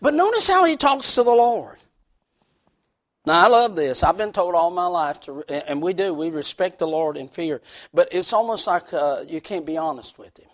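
High-pitched preacher man, shouting then hushed. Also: expressive, moderate pace. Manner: swings from hushed intimate lows to loud shouted peaks; folksy, plain-spoken with Bible quotes. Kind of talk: sermon.

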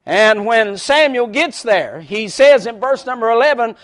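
Very high-voiced, slow preaching man. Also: expressive, a bit bright. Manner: reads scripture in old-fashioned biblical wording, then comments; slows and swells in volume on key words. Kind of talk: sermon.

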